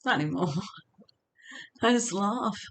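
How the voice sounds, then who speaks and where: A woman's voice: mid-range voice, animated, slow, fairly bright tone. A middle-aged woman vlogger telling a story to camera in a casual, chatty way, often laughing.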